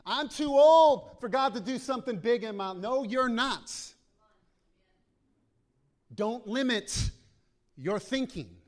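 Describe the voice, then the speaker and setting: High-voiced, lively male preacher. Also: unhurried. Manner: impassioned preaching, voices prayers aloud. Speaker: pastor. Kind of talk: sermon.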